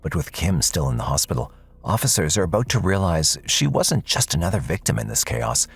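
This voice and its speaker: A man's voice: low voice, big pitch swings, fairly quick, vocal fry, husky. A man giving dramatic, suspense-building scripted narration for a true crime documentary.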